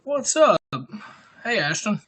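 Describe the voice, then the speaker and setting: A man's voice: high-pitched, very animated, takes it slowly, fairly bright tone. A man hosting a casual livestream from home, a little out of breath and rambling between bites of food. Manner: rambling, talks while eating. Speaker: livestream host. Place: home room. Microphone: desktop USB mic.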